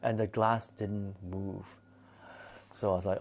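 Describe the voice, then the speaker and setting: A man telling a spooky personal story in a casual, animated and dramatic way. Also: fairly low pitch, slow.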